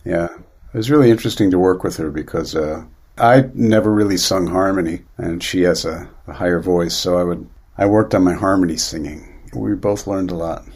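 A man in his fifties, a singer-songwriter guest, talking in a relaxed, quick way in an interview. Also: low-pitched, husky. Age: 50s. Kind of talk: casual interview.

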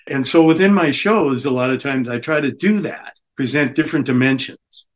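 A man's voice: mid-range voice, normal speed. Chatty, enthusiastic middle-aged man. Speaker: guest musician. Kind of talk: casual radio chat.

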